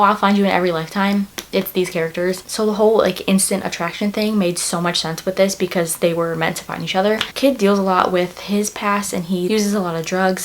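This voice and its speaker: A woman's voice: lowish voice, a little hiss or hum. A young woman talking casually in a book recommendation vlog, gushing and emotional about the stories she loves. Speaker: book vlogger.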